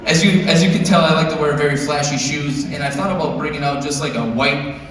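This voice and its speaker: Guy in his 30s doing a stand-up set, kinda high voice, deadpan stories, sounds far away in a big echoey theater. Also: brisk, a crowd in the background. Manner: deadpan storytelling with sudden high-pitched acted-out quotes. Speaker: stand-up comedian. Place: large theater stage.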